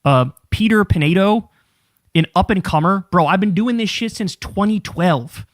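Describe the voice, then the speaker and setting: A man in his thirties giving profane, animated reaction commentary as a political commentator on a live stream. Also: sits high, moderate pace. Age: 30s.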